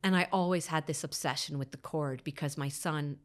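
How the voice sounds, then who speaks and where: A woman telling a painful personal story as a podcast guest, sometimes dropping to a hushed whisper and acting out other people's words. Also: deep voice, a little fast. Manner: acts out others' words in quotes.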